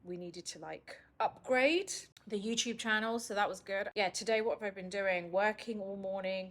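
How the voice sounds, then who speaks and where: A young British woman talking casually to camera in a vlog, chatty and quick to laugh. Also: fairly low pitch. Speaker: beauty vlogger.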